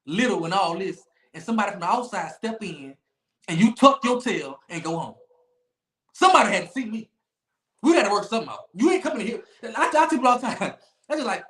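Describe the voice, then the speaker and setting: Man, sports podcast host, high lively voice, emphatic rant, echoey room. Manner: loud, emphatic trash-talk with repeated phrases and laughs. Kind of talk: animated sports talk livestream.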